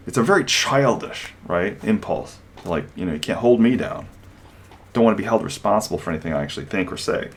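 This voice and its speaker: Low-voiced guy ranting sarcastically, pitch all over the place, lots of mocking bits. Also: fairly quick, a little hiss or hum. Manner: animated, sarcastic, mocking impressions. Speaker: commentator. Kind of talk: opinionated commentary monologue.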